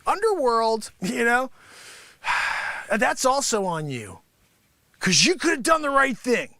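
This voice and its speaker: A man playing a boastful, money-grubbing karate sensei who scolds his class and breaks into shouts. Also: very high-pitched, big pitch swings, takes it slowly, dry recording, studio quality, heavily acted. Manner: bragging, scolding, swings into shouts. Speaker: livestream host. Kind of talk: improvised comedy character bit.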